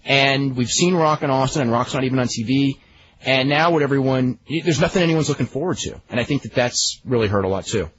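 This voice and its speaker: A man's voice: mid-range voice, brisk. Male radio host, casual rambling chat, muffled old broadcast with light hiss. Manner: relaxed, rambling, chuckles while telling stories. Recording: dull lo-fi archive radio with faint hiss.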